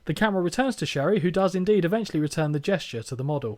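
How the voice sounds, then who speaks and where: A man's voice: a little high, lively intonation, racing, darkish tone. A man co-hosting a podcast, joking and bantering while he reads from his notes. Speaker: podcast co-host. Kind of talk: casual chat reviewing a wrestling event.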